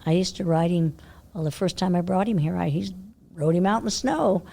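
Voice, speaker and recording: An older woman telling horse-show stories in a casual interview, animated, laughing often and dropping to a hush when she quotes herself. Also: on the low side, brisk, vocal fry. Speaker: interview guest, horse trainer.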